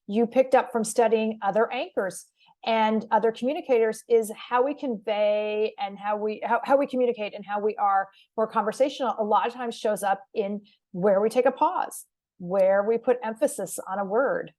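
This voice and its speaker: A woman's voice: on the high side, moderate pace, darkish tone. A woman hosting an interview podcast, speaking as a media coach in an encouraging, reflective way. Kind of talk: conversational interview.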